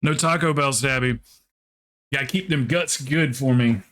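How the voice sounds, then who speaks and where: Here a man with a mid-range voice talks at a normal speed during a casual gaming livestream. His chatter is rambling and profane, broken up by frequent laughter, and he gets animated doing quoted impressions of others.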